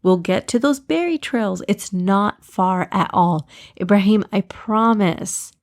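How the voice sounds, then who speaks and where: A woman's voice: medium pitch, slow pace. A woman voicing a kind, confident young girl who knows the trails, in a children's storybook. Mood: reassuring. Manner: reassuring, eager.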